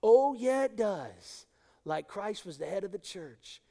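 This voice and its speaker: A middle-aged male pastor delivers an impassioned sermon in a high, animated voice. His pitch swings widely as he drives each point home. The sound rings with a long hall reverb. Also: a little slow, vocal fry. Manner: impassioned, emphatic preaching.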